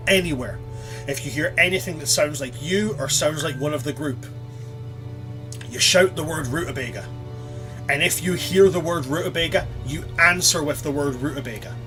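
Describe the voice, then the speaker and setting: A man narrating as game master, animated and stammering when excited, with some swearing. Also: on the high side, moderate pace, long pauses, faint music behind.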